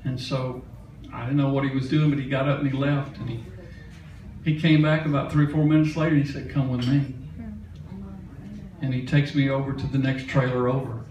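A man's voice: medium pitch, level tone, a little fast, darkish tone, highs cut off, slight background noise. An older man from Mississippi telling a folksy, chatty story on a concert stage, laughing now and then. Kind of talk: onstage storytelling. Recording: echoey concert hall from a distance.

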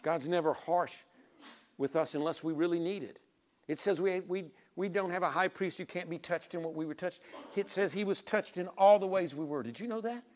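High-voiced preacher swinging loud to hushed. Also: male voice, normal speed. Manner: swings from loud urging to quiet near-whispers; acts out little dialogues with God and people. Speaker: pastor. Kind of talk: sermon.

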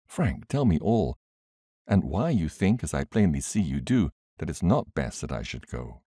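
A man's voice: very deep voice, sing-song, normal speed, mellow, no room sound, clean studio sound, exaggerated voice. A man reading aloud and voicing a young woman in an audiobook, pleading and eager.

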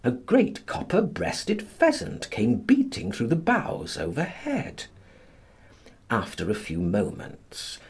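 A man narrating a classic novel as an audiobook in a dramatic, expressive manner. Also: medium pitch, slightly rough.

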